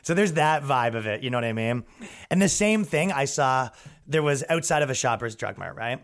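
A man's voice: mid-range voice, expressive, moderate pace. A young man hosting a podcast, rambling through comedic stories with laughs and restarts. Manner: rambling, laughing, frequent restarts and acted quotes. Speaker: podcast host. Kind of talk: comedic storytelling monologue.

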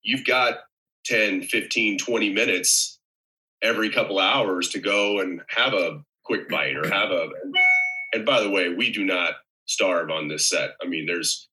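A man's voice: low voice, unhurried, pushed and bright, rough recording. A male actor chatting casually on a podcast, rambling a little with wry asides.

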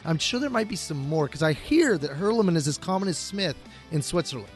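A middle-aged man co-hosting a casual podcast chat, an animated storyteller who gets enthusiastic and repeats words when excited. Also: a little high, a little fast, faint music behind. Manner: animated storyteller who acts out quoted voices. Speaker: podcast co-host.

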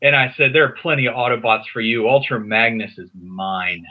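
A man's voice: medium pitch, brisk. Storytelling man on a dull remote line. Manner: animated, rambling with restarts. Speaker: podcast guest, comics writer. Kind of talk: casual storytelling. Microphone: remote call.

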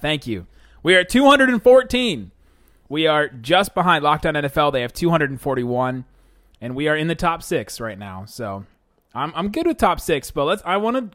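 A man's voice: on the high side, a bit bright, dry recording, studio quality. A man hosting a casual sports podcast, teasing his co-host and laughing often.

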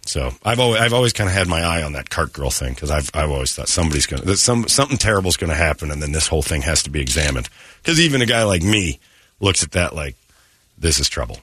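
A man's voice: a bass voice, sing-song, fast talker, a bit bright, slightly rough, dry recording. A man hosting a morning radio show, telling a story in casual banter and slipping into quoted voices.

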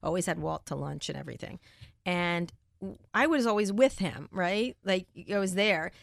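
A middle-aged woman guest in an interview, talking fast and emphatically, cutting herself off and laughing often. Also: fairly low pitch, animated, gravelly, no room sound, studio quality. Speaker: interview guest, tech journalist. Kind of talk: casual interview chat.

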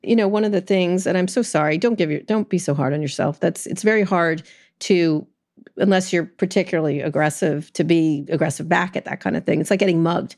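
A woman with a lowish voice hosts an interview, asking direct questions and offering firm, reassuring comments. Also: fairly quick, darkish tone. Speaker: interviewer, host.

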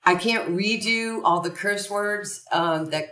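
A woman's voice: mid-range voice, slow, bright, forceful tone. A woman, a podcast guest, telling a story conversationally and animatedly, acting out quoted dialogue. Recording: roomy echo from a distant mic.

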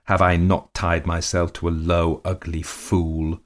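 A man voicing a greedy, shrill old countess who screeches and scolds. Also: level tone, measured pace. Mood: scornful.

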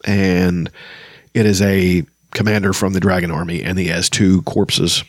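Man reading fantasy novel aloud, casual halting asides, low voice, dry close sound. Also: little pitch movement, dry recording. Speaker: book reader and commentator.

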